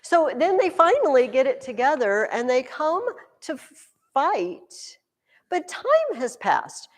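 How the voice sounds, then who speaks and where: A woman teacher giving a classroom history lesson, telling the story in an animated, joking way. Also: sits high, takes it slowly. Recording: echoey room with long reverb.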